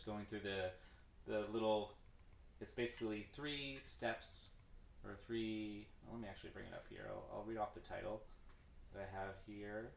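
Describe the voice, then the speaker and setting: A man explaining drum stickings in a loose, rambling way as he practices on a stream, correcting himself and counting hands aloud. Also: fairly low pitch. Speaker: drummer streaming his practice. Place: room with a drum kit. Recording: echoey room, distant mic, clear background noise.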